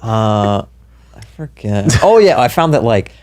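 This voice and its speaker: A man's voice: fairly low pitch, very animated, a little mellow. A man co-hosting a podcast in casual chat, throwing in joking asides. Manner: joking asides, quick talk. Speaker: podcast co-host.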